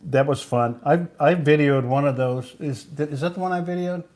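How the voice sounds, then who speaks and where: A man's voice: a little high, fairly even intonation, normal speed, darkish tone. A man hosting a livestream, talking in an easygoing, rambling way. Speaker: livestream host. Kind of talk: casual chat.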